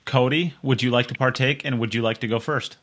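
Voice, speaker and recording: A man with an ordinary mid-range voice co-hosts a relaxed chat show. He answers with dry, teasing remarks and laughs easily. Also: mid-range voice, fairly quick. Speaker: podcast co-host. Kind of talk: casual chat.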